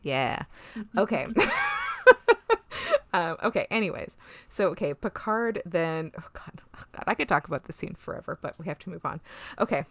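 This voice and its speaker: Excitable woman gushing in a recap. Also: fairly low pitch, a little fast, no room sound. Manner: excitable, gushing, swearing, acting out quotes. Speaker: podcast co-host. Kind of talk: casual podcast recap.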